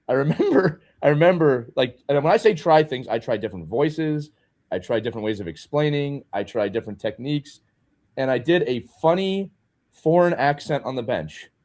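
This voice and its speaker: A man co-hosting a podcast, telling candid, animated stories from coaching youth hockey. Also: medium pitch. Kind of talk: casual podcast conversation.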